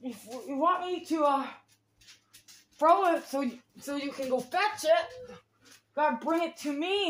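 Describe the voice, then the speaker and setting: High bright-voiced woman calling her dogs. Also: a little slow, pauses often, roomy sound, slight background noise. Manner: scolding and coaxing her dogs, calling out commands. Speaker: dog owner filming her pets. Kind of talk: casual home vlog narration. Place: home, near a kitchen.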